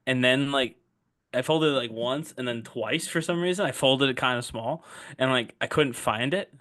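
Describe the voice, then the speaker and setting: A man's voice: mid-range voice, normal speed, a bit bright. A man co-hosting a podcast, telling a rambling story in casual chat. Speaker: podcast co-host.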